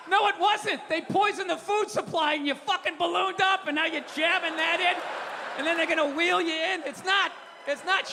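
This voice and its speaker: A man performing stand-up comedy, ranting with profanity and loud outbursts. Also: very high-pitched, noisy background. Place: comedy venue stage. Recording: live show in a large hall with audience.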